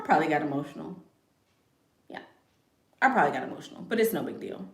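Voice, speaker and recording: A woman's voice: mid-range voice, big pitch swings, quick pace, pauses often, reverberant. A woman chatting casually on a live stream. She talks bluntly and with confidence, and she repeats her phrases for emphasis. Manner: blunt and self-assured. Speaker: online content creator.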